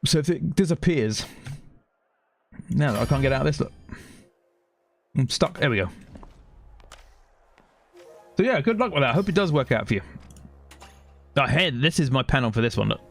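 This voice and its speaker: A man in his forties chatting casually with viewers while streaming a shooter game, chatty and quick to react. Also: mid-range voice, very animated, gravelly, a little hiss or hum. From United Kingdom. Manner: chatty, chats with viewers between outbursts at the game. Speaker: gaming streamer.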